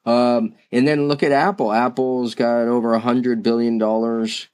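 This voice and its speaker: A man's voice: mid-range voice, flat delivery, moderate pace, darkish tone, clear, resonant tone. Enthusiastic man co-hosting a chat. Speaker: podcast co-host. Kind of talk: casual business chat.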